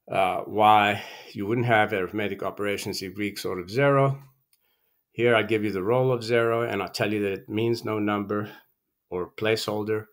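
A man hosting his own channel, ranting about math in a combative, contemptuous way, out of breath and prodding with "okay?". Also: mid-range voice. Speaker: channel host. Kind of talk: scornful math rant to camera.

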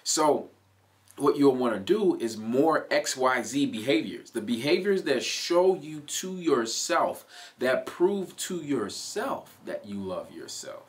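A man's voice: mid-range voice, sing-song, slow. A man giving a motivational self-help talk in an earnest, coaching way. He repeats key phrases and adds "right?" asides to the listener. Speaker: motivational speaker.

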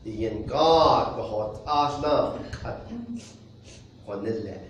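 A pastor delivers a deliberate, unhurried sermon, pausing for soft chuckles as he explains his points. His voice comes from a distance into a strongly echoing space, with faint noise underneath. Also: medium pitch, dull audio. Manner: measured preaching with soft chuckles. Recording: very echoey room, distant mic.

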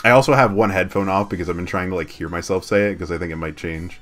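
A man's voice: low-pitched, fast talker, few pauses, fairly bright tone, soft background music. A man chatting casually on a game live stream, laughing and self-deprecating, with lots of fillers.

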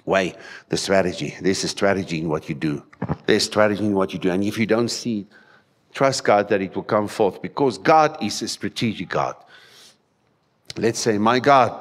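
A South African man, Afrikaans by birth, preaching from the pulpit with a somewhat low voice. He is emphatic and animated, firing rhetorical questions at the congregation as he goes. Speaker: pastor. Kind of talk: sermon. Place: church hall.

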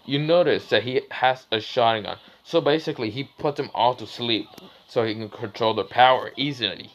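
A man's voice: mid-range voice, normal speed, dull audio. A man casually narrating a fan story, rambling and searching for words as he goes. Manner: rambling, fillers like "what's it called".

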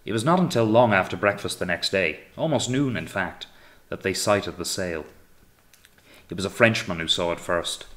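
Deep-voiced male audiobook narrator. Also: fairly bright tone. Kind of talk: scripted narration.

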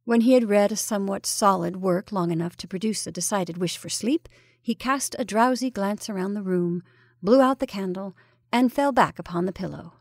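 A woman storyteller reading a ghost story aloud with measured, even narration. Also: mid-range voice, no room sound, studio quality.

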